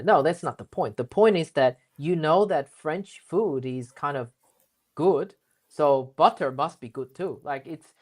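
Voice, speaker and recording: A man's voice: fairly high pitch, expressive, a little slow. A man speaking as a guest in a casual business interview, explaining things at length with lots of fillers and restarts. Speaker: guest expert.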